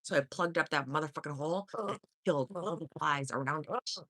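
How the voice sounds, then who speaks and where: A woman with a deep voice hosts a casual livestream from home, talking a little fast, swearing constantly, laughing often and teasing her chat loudly. The audio is studio quality with no echo.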